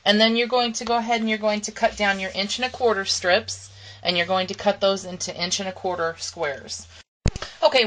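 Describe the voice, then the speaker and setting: A woman running her own craft channel, walking viewers through cutting paper strips with a casual, chatty tone full of ums and okays. Her voice sits in a mid range but is worn down, as she is losing it and has to clear her throat. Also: medium pitch, fairly bright tone, poor audio. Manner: chatty step-by-step instructions with frequent ums and okays.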